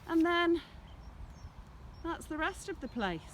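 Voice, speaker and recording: Out in a farm field with a handheld camera pointed at herself, a woman rambles through a casual tour of her smallholding and fusses over her animals. Her voice is extremely high and animated yet slow, slightly bright in tone, and a little hiss or hum sits underneath.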